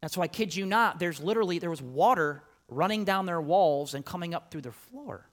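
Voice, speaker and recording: A middle-aged man preaching a sermon, telling a personal story with animated swings from loud emphasis to quiet asides. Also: on the high side, brisk. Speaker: pastor.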